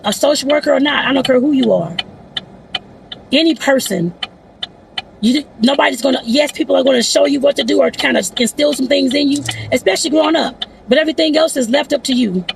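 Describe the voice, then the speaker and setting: A woman's voice: sits high, brisk, creaky, a little hiss or hum. A woman vlogging from inside her car, giving blunt, outspoken life advice and calling her viewers y'all. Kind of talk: casual talking-head vlog.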